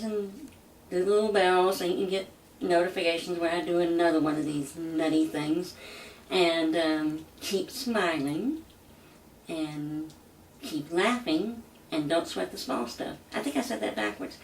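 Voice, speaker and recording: An older woman with a Southern American accent, telling a funny story in a slow drawl for her vlog. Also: on the low side, reverberant, distant mic, a little hiss or hum, low-quality recording. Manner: slow, drawling, laughs through punchlines. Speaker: vlogger. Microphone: camcorder mic.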